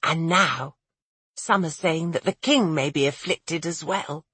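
Narrator putting on a scared young maid, husky, slow, nervous whispery bits. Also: mid-range voice, animated, dry recording, voice pushed up. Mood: fearful. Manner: anxious, hushed. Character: fearful young woman maid.

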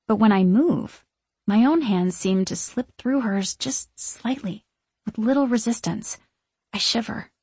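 A woman narrating an audiobook in the first person with expressive storytelling. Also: medium pitch, measured pace, breathy edge, no room sound.

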